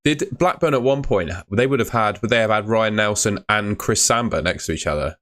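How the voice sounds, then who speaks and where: Young bloke live streaming, deep voice, chatty, says mate a lot. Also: male voice, brisk, fairly bright tone. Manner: casual, chatty, uses mate and fillers. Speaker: fantasy football streamer. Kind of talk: live stream chat reading comments.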